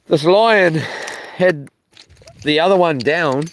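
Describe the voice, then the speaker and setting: A man with a slightly high voice rambles slowly to his livestream audience while camping alone, wandering off topic and swearing mildly as he says hello to people in the chat. He keeps losing his thread, and there is a little hiss or hum in the audio.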